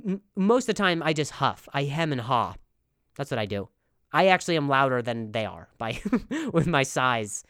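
A man riffs through a comedic podcast monologue, his pitch leaping around as he stammers and restarts. He swings from mock-serious declarations to muttered asides. The sound is dry and close. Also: big pitch swings, normal speed, bright, forceful tone, no room sound. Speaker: podcast host.

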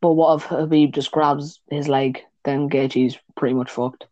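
A man's voice: on the high side, flat delivery, measured pace, a little mellow, dry recording, highs cut off. A man co-hosting a casual podcast, talking fight sports, swearing and laughing often. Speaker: podcast co-host. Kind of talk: casual chat.

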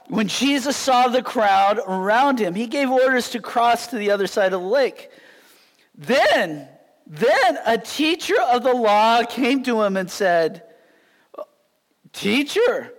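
High, bright-voiced animated male pastor. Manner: animated storytelling, acts out scenes. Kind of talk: sermon. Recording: long hall reverb.

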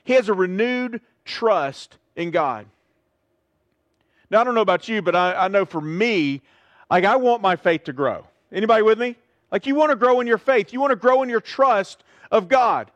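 A man's voice: sits high, animated, moderate pace, fairly bright tone, no echo, muffled recording. A man preaching a sermon as pastor in a church service, in a conversational way and asking his congregation questions.

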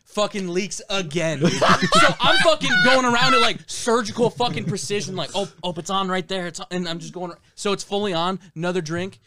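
A young man co-hosting a podcast, telling a story in animated, profane casual chat. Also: sits high, brisk, hardly any pauses, a crowd in the background. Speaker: podcast co-host.

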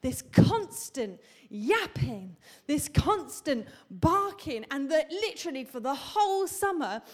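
Woman pastor in her thirties, high voice, chatty humorous sermon to a church crowd. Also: sing-song, takes it slowly. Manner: chatty, humorous storytelling with asides to the congregation. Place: church hall.

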